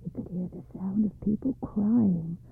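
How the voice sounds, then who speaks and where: A storyteller reading a folktale aloud in a measured, expressive way. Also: medium pitch, gravelly, slight background noise. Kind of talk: storybook narration. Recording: dry, phone-like narrow band.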